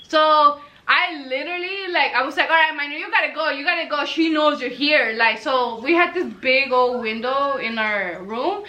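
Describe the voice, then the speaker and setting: A young woman telling a funny personal story to camera in a casual, animated way, swearing freely and acting out what everyone said. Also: high voice, normal speed, few pauses, low-quality recording. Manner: animated, swears freely, acts out quoted lines. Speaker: storytelling vlogger.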